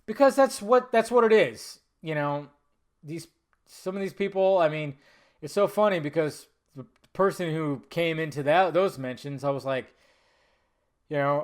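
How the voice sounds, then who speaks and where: A man's voice: on the high side, normal speed. A man hosting a film podcast in casual chat, swearing freely and rambling off on tangents with lots of self-corrections. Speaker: podcast host.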